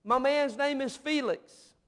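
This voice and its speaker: A man's voice: extremely high pitch, slow pace, a bit bright. A man delivering an emotive, story-driven sermon in a church as a missionary pastor. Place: church sanctuary.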